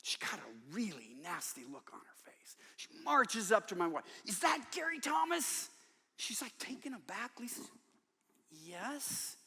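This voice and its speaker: An older man preaching a sermon in a large church, telling stories in an animated way and acting out the voices he quotes. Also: high voice, a little slow, breathy edge, big-room sound. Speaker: guest preacher. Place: large church worship center.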